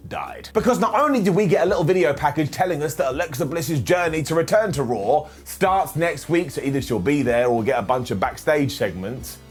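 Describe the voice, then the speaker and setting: A man hosting a casual review show, talking in an animated, jokey and ranting way. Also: a little high, brisk, few pauses. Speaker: host. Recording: faint background music.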